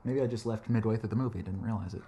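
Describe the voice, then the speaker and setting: A man's voice: fairly low pitch, very fast, mellow, slightly rough. A man in casual chat, rambling and joking, swearing now and then as he talks through a film.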